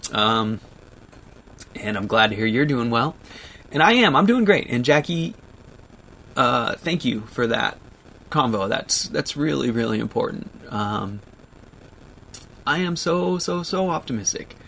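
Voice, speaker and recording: It's an emotional, casual livestream: a man in his thirties reads out viewer comments and talks them through, laughing through tears and restarting haltingly. He speaks animatedly in a mid-range voice with vocal fry and a sharp tone.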